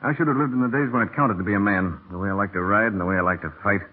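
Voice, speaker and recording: A brash young stable hand with a low, husky voice, bold and pleading. He speaks in 1930s radio drama style. The sound is tinny, like an old broadcast. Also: rapid-fire. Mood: ardent.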